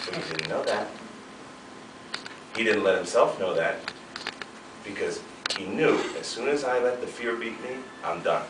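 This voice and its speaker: A man's voice: fairly low pitch, unhurried, long pauses, noisy background. A man in his thirties giving a fired-up, emphatic motivational talk as a seminar speaker. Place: seminar room. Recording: echoey room, mic far off.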